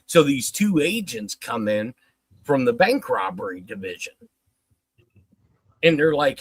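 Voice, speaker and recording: A man's voice: mid-range voice, normal speed, dry recording, rough recording. A man casually telling a long story on a livestream, swearing often and acting out the dialogue. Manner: profane, animated retelling with quoted dialogue.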